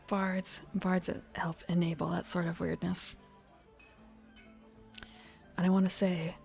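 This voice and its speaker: A woman softly reading game rules aloud in an ASMR whisper, musing to herself between passages. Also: on the low side, creaky. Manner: soft, musing asides between rule text. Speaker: ASMR reader. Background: faint ambient music.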